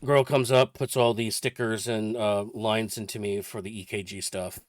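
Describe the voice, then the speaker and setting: A man's voice: lowish voice, little pitch movement, moderate pace, dry recording, studio quality. Man in his forties telling a story. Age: 40s. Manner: chatty, rambling recounting with detail. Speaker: vlogger. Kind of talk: casual personal storytelling.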